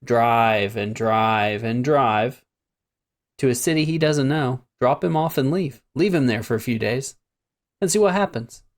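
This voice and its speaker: A man's voice: mid-range voice, expressive, measured pace. Blunt joking man on a podcast. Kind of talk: casual podcast chat.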